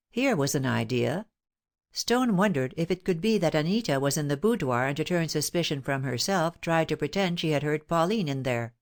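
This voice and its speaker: Low-voiced woman reading a mystery. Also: expressive, moderate pace. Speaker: audiobook narrator. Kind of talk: scripted narration.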